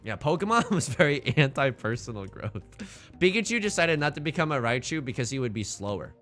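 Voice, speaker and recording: A man's voice: mid-range voice, sing-song, fairly quick, fairly bright tone, faint music behind. A man streaming a game live, rambling and joking with his chat between plays. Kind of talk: live-stream gameplay commentary.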